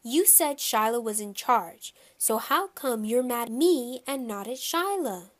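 A woman's voice: on the high side, expressive, measured pace. Woman reading as an indignant, sulky young boy. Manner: protesting, sulky.

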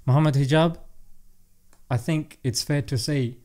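A man's voice: a little high, steady tone, unhurried, a little mellow, slight background noise. A man hosting an interview, asking playful questions in a jokey, teasing way. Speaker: host.

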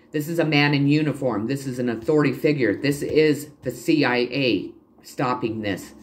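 Blunt, cursing man giving a tarot reading. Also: mid-range voice. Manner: preachy and blunt, swears freely; emphatic and repetitive, addresses viewers directly. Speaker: tarot reader and channel host. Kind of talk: spiritual tarot reading monologue.

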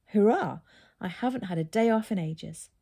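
A woman plays an upbeat mum, reassuring and cheerful, her voice a bit lifted. It stays mellow and husky, a storybook reading. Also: medium pitch, expressive, moderate pace. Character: brave, cheerful mother, upbeat and warm.

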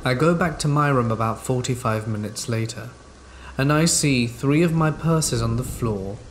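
A man reading scary stories aloud in a measured, steady scripted narration. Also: medium pitch, a little hiss or hum, rough recording. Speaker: horror story narrator. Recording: rain sounds under the narration. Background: rain.

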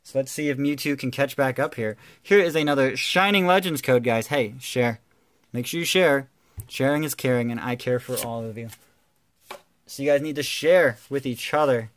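A man doing casual, playful commentary while opening trading card packs, excitedly calling out cards and teasing his viewers. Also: mid-range voice, moderate pace. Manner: excitable, calls out card names with bursts of energy.

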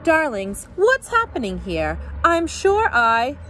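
A theatrical diva of stage and screen, as a woman reader puts her on, pitched well up with a lively, swooping delivery. She gushes in a fake, grand English accent, full of storybook drama. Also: slow, a little hiss or hum, heavily acted. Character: glamorous female soap opera star, theatrical diva.

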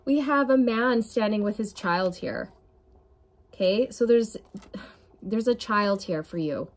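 A woman's voice: mid-range voice, a little slow, long pauses. A woman giving an intuitive tarot reading to camera, talking in an earnest, emotional way with many fillers. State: tearful at times. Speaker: tarot reader.

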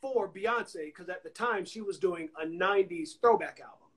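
High-voiced and fairly bright in tone, this Anniston, Alabama man talks at normal speed. A songwriter and producer, he's telling stories in a laid-back interview via an Instagram Live phone call, acting out the voices of those he quotes.

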